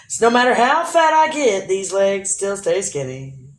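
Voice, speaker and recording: Slow-talking bawdy joking woman host. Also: mid-range voice, sing-song. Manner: bawdy, joking, often laughing. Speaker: livestream host. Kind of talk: casual live-stream chat.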